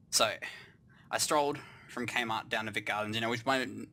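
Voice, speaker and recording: A man's voice: medium pitch, fairly even intonation, normal speed, vocal fry, pushed and bright, a little hiss or hum. A young Australian man telling a rambling comic story, swearing constantly and puffing up small events with mock-grand exaggeration.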